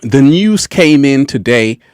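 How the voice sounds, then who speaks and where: Slow, laid-back male livestream host. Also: medium pitch, animated, darkish tone, clean tone, no echo, clean studio sound. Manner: playful, laughing, repeats phrases. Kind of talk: casual livestream chat.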